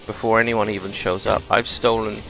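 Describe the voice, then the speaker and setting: A man's voice: lowish voice, level tone, fairly quick, gravelly, a bit bright, poor audio. A man hosting a gaming video, chatting casually and thinking aloud as he plays. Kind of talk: relaxed gameplay commentary.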